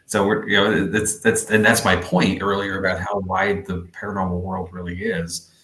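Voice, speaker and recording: A man's voice: low voice, little pitch movement, moderate pace, fairly bright tone, echoey room. A man co-hosting a podcast in meandering, chatty conversation, full of fillers. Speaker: podcast co-host. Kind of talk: casual podcast chat.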